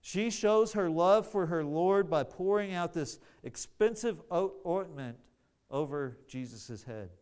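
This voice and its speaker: Slow, high-voiced male preacher. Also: expressive, darkish tone, smooth. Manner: earnest, repeats words while searching for phrasing. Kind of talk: sermon.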